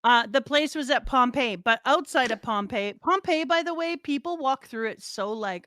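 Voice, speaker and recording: Animated woman telling stories, dry sound. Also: sits high, normal speed, few pauses, no echo. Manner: animated, acts out quoted voices. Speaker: theater teacher, co-host. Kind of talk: casual chat, storytelling.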